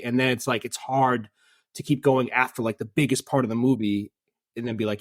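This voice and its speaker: A man's voice: mid-range voice, brisk, dry recording. Chatty man on a dry podcast mic. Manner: animated, laughs often, mimics characters' lines. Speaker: podcast co-host. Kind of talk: casual film review chat.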